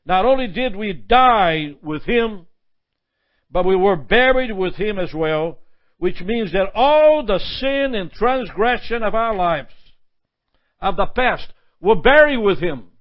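A man's voice: high-pitched, lively intonation, takes it slowly, dull audio. A male pastor preaching a sermon with impassioned repetitions and prayerful asides.

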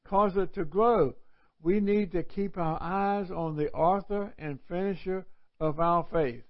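A man teaching a live Bible study in a folksy, conversational preaching manner, with sudden loud cries. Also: fairly high pitch. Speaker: pastor. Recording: dull, lo-fi livestream audio.

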